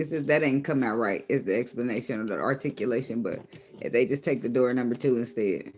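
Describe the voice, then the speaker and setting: A man's voice: mid-range voice, quick pace, a little mellow. A man giving a casual spoken tarot reading, blunt and profane, teasing and laughing often as he goes. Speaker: tarot reader.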